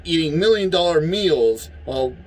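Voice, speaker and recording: Angry vlogger, male, high husky voice, swears freely and yells. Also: lively intonation, normal speed, poor audio. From United States. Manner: heated, profane, yelling at times. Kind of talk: angry political rant.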